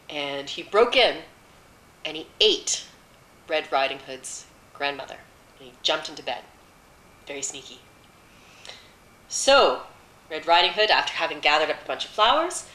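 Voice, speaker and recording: A woman's voice: deep voice, bright, forceful tone, echoey room, rough recording. A woman casually retelling a fairy tale off the cuff, chatty, with fillers and wry asides. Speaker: storyteller.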